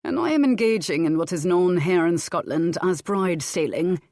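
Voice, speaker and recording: A woman voicing a bold, teasing male Scottish laird in an audiobook, by turns dry and softly wooing. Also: on the low side, expressive, moderate pace, no echo, lightly acted. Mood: confident. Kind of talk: audiobook character reading.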